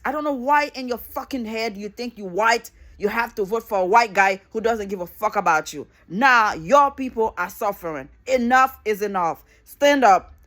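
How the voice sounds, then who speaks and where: A woman's voice: on the high side, a bit bright. A middle-aged woman vlogging an impassioned, angry political rant, repeating phrases for emphasis and swearing freely.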